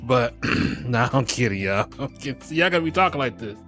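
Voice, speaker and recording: With medium pitch and a slightly quick delivery, this middle-aged man hosts a podcast against faint music. He keeps it comic and casual, cursing freely, laughing often, and talking animatedly to listeners he calls y'all.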